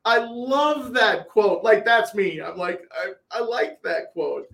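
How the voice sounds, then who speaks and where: High-pitched, excitable male host in a roomy space. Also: slow pace, vocal fry. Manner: enthusiastic, effusive, repeats words. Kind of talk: podcast interviewing.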